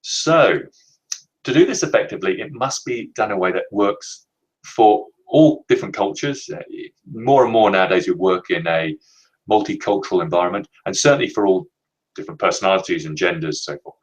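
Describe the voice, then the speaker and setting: Presenting a webinar on leadership training, a man with a low-sitting voice explains things measuredly and emphatically, slowing on key words for stress. It's a low-quality recording.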